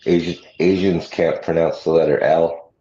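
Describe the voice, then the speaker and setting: A man with a very low, mellow voice hosts a livestream, talking slowly in a laid-back way and chuckling often. The sound is muffled and lo-fi, with a roomy echo around him. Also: steady tone. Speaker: livestream host. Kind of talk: casual chat. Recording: muffled lo-fi sound in an echoey room.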